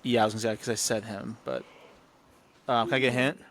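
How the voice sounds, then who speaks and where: A man's voice: mid-range voice, little pitch movement, fast talker, fairly bright tone, dry recording. A man talking sports with friends on a podcast, loose and jokey. He laughs a lot and fumbles for names while he chats. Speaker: podcast co-host. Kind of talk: casual sports chat.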